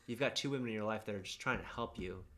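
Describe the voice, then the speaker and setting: A man co-hosting a podcast in casual chat, talking quickly in a bright, forward voice. He rambles and often restarts his sentences. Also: fairly low pitch, slight background noise. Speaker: podcast co-host.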